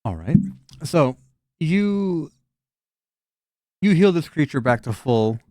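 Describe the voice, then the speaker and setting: A man's voice: a little high, expressive, slow, warm tone, no room sound, studio quality. A man narrating a tabletop game as game master, casual and joking, with lots of swearing and fillers. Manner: casual, laughing, swears often, many fillers.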